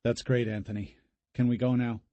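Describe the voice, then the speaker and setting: A man's voice: medium pitch, level tone, normal speed, no echo, highs cut off, natural voice. A man as a weary, exasperated cop brother. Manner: exasperated, curt.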